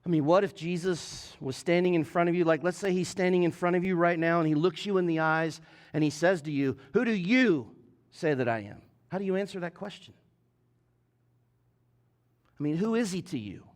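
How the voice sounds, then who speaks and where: A man's voice: sits high, steady tone, a little fast. A male lead pastor preaching a sermon in a church, speaking earnestly and appealing directly to the congregation. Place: church sanctuary.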